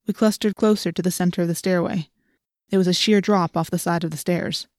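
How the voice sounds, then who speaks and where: A woman narrating a first-person audiobook in a steady, plain storytelling voice. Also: on the low side, fairly quick, no echo, studio quality.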